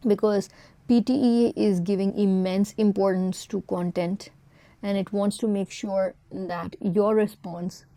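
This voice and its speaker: Woman tutor, mellow voice, dry close sound, explaining test scoring, methodical list-style delivery. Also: medium pitch, dry recording. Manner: explains step by step, defines words, lists items in a steady teaching rhythm. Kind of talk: explanatory exam-prep lesson.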